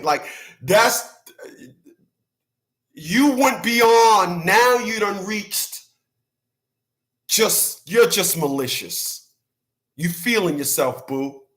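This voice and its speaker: A man with a notably high voice rants on his livestream, loose and profane. He repeats his points for emphasis and breaks into laughter between them. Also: fairly bright tone. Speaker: channel host. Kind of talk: casual livestream rant.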